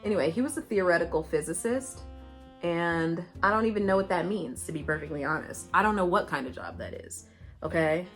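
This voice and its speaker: A woman's voice: lowish voice, fairly quick. Chatty young woman, rambling storyteller. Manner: chatty rambling with many fillers; animated, playful asides to viewers. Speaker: beauty vlogger. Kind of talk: casual storytelling while doing makeup. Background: faint background music.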